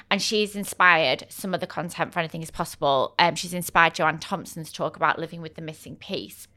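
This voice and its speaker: English woman in her thirties, solo podcast host, crisp and clear, loose storytelling with fillers. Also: on the low side, bright, forceful tone. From England. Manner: chatty and candid, many fillers and asides.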